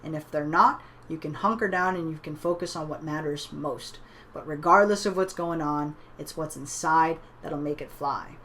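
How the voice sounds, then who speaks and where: A woman's voice: low-pitched, moderate pace, a bit bright. A woman telling a motivational story in a conversational way, often tagging her lines with "right?". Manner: conversational, many "you know" and "right?" tags. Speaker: online business trainer.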